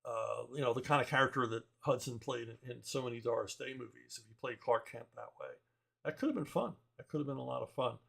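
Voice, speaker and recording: A man's voice: medium pitch, quick pace, gravelly, a bit bright. Chuckling, blunt, rambling man. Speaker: comic book writer answering viewer questions. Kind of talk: casual opinionated chat.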